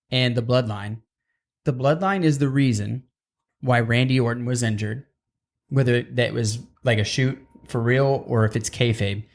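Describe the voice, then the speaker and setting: Rambling male podcast host. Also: medium pitch. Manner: rambling, digressive, restarts often. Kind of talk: casual wrestling chat.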